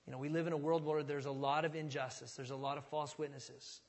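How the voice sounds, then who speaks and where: A man's voice: on the high side, flat delivery, quick pace. A man preaching a sermon in a conversational, folksy way, often restarting words as he thinks aloud. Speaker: pastor. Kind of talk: expository sermon. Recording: long reverb of a large hall.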